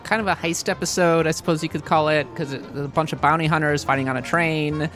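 A man co-hosting a casual podcast discussion who speaks excitably and often restarts his sentences. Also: on the high side, fast talker, soft background music. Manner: excitable, repeats words when starting. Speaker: podcast co-host.

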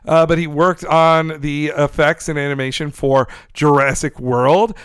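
A man hosts a casual podcast chat and shares trivia with open enthusiasm. His voice sits a little high and sounds smooth and clear. The recording is close and dry, with no room sound. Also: fairly even intonation, a little slow, a bit bright, no room sound. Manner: enthusiastic, laughs often, trivia-minded. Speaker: podcast host.

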